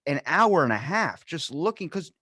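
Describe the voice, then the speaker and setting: A man hosting a podcast in casual chat, telling stories in an animated way and loudly acting out the people in them. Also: fairly high pitch, normal speed, slightly rough, no echo, studio quality. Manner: animated storyteller, acts out exchanges loudly. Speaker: podcast host.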